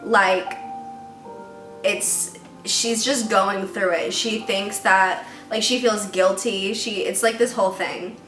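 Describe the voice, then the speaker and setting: A woman's voice: medium pitch, fairly even intonation, slow pace, a bit bright, far from the mic. A woman giving a casual, ranting book review, chatty and worked-up, with lots of "like"s. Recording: echoey room with music behind.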